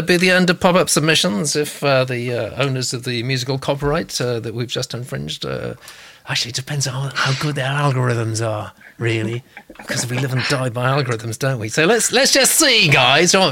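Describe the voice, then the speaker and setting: A man's voice: medium pitch, brisk, pushed and bright. A man hosting a casual live chat, reading comments with many uhs and ums. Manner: hesitant, lots of uh and um. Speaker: host.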